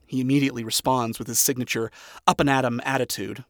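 A man reading a first-person story aloud, with sarcastic, profane, deadpan asides. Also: medium pitch, fairly quick, no echo, studio quality. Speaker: story reader.

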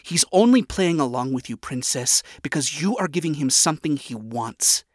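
Man reading as a skeptical, blunt woman in an audiobook, measured and lecturing, dry sound. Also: on the high side, lively intonation, dry recording. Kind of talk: audiobook character voice.

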